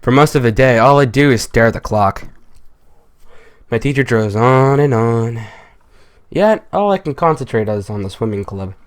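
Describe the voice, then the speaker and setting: A man reading a visual novel aloud with commentary, haltingly, stumbling and restarting on words. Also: mid-range voice, animated, clean tone. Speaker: gaming YouTuber.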